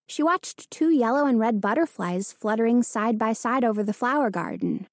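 With a fairly high voice, a female audiobook narrator performs a children's storybook expressively. It's scripted narration recorded at studio quality, without any echo.

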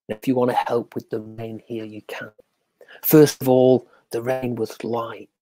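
A storyteller telling a children's story on a livestream, drawing out repeated words and dropping into hushed whispers for suspense. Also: mid-range voice, level tone, dry recording. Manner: slow, drawn-out repetition for effect.

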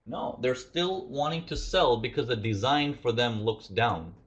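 A man's voice: mid-range voice, lively intonation, a little slow, muffled recording. A man teaching a live trading lesson, asking his audience questions and acting out traders' inner thoughts. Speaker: trading instructor.

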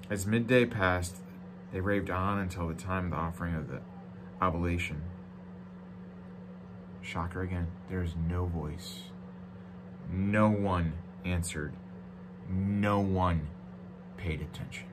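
In a church, a male pastor with a fairly low voice gives a slow sermon, pausing often and keeping his intonation fairly even. He reads scripture aloud with asides and dry jokes, shifting from loud, emphatic declarations to hushed reflection, while a faint hum runs underneath.

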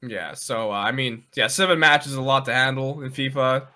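A man with a Canadian accent giving relaxed, analytical commentary on an online football video game match. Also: medium pitch, normal speed. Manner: relaxed, agreeable, analytical about play. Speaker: esports commentator.

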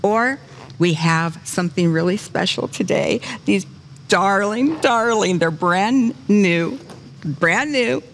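Animated older woman hosting a faith show. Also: on the low side, slow, vocal fry, a little hiss or hum. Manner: animated, gushing storyteller; earnest preaching cadence. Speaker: talk show host. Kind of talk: faith talk show fundraising appeal.

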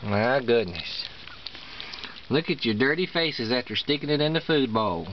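A man's voice: medium pitch, fairly quick. A man with an East Tennessee Southern accent, a dog breeder filming and talking to puppies in coaxing, sing-song baby talk, repeating himself. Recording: dull lo-fi home video with clear background noise.

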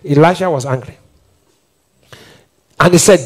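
Emphatic Nigerian pastor preaching. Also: male voice, high voice, huge pitch swings, normal speed, long pauses. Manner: emphatic preaching with decrees, swinging from quiet asides to shouts. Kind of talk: sermon.

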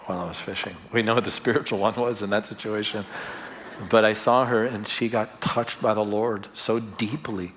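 A man's voice: lowish voice, steady tone, moderate pace, a little hiss or hum. A male pastor telling personal stories in a conversational sermon, laughing at times. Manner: conversational, warm storytelling with laughs. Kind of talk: sermon storytelling. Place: church service.

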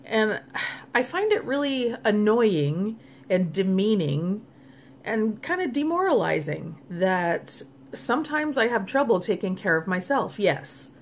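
A middle-aged woman talks straight to her viewers in a casual vlog, frank and openly exasperated. Her voice sits at an ordinary middle pitch. A faint steady noise runs underneath. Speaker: vlogger. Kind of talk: casual personal vlog talk.

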